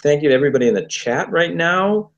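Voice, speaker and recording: Upbeat man giving shout-outs. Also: on the high side, expressive, fast, muffled recording. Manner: upbeat, with many "um"s while listing names. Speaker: livestream host. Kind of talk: casual livestream chat, shout-outs.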